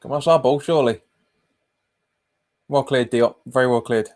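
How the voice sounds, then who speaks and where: Man, casual football commentary, rambling and repeating, mid-pitched voice. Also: moderate pace, a little mellow. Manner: casual, chatty, trails off mid-sentence and repeats himself. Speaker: football watch-along streamer. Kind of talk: live match commentary and chat reading.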